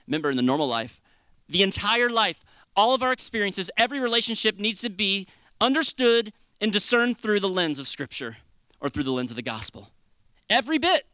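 A male preacher giving an earnest, conversational sermon with dramatic shifts between loud and quiet. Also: on the high side, clean tone, no echo.

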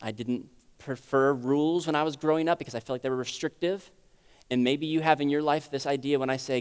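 A man preaching a sermon in a conversational teaching style, asking rhetorical questions and swinging between loud emphasis and quiet lows, heard with long hall reverb in a church sanctuary. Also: fairly quick, clean tone.

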